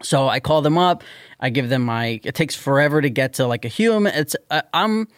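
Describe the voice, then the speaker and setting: A man telling a story on a podcast in casual chat, animated and exasperated, swearing often. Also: medium pitch, brisk, dry recording, studio quality. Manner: animated, profane, exasperated ranting. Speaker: podcast host.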